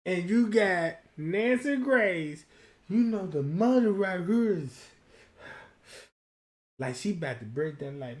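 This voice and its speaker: A man streaming a casual reaction commentary, loud and profane, who slips into sung bits and mock voices. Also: sits high, animated, slow, long pauses. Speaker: streamer host.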